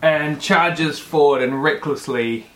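A man running a tabletop game as game master, narrating in an unhurried, hesitant way with fillers. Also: medium pitch, fairly even intonation, a bit bright. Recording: echoey room with faint noise.

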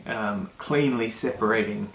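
Slow, halting game master man. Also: lowish voice. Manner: slow, halting narration with many ums. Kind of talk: narrating a tabletop game. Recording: echoey room with faint noise.

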